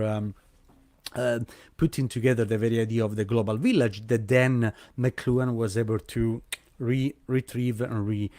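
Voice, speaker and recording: A man hosts a live online event over a video call, speaking English hesitantly with many fillers and restarts. His voice is mid-range with a darkish tone, and the recording is dry.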